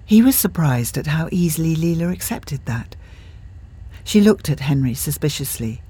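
Husky-voiced audiobook narrator. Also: medium pitch, normal speed. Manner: steady storybook reading. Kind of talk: scripted narration.

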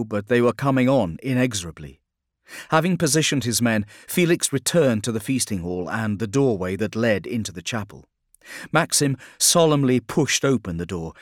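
A man's voice: fairly low pitch, no echo, clean studio sound. Man narrating an action story. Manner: measured, dramatic storytelling. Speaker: audiobook narrator. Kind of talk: scripted narration.

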